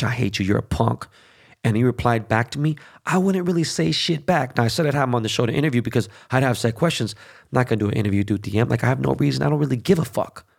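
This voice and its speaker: A middle-aged man hosting a show rants in a heated, profane, casual monologue packed with fillers and restarts. His voice is mid-range and creaky.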